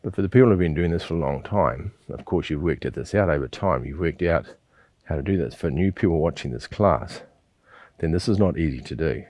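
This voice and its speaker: In a very low, deep voice that is animated and a little mellow, a qigong teacher coaches a slow breathing exercise. He repeats himself patiently and often checks in with a quick "yeah?", and the audio is dry and close, free of room echo.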